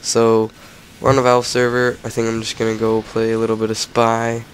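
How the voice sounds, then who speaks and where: A teenage boy who is sick, his voice cracking as he rambles through a casual game commentary and breaks into shouted frustration. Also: mid-range voice, completely flat delivery, fairly quick, slight background noise. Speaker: gamer.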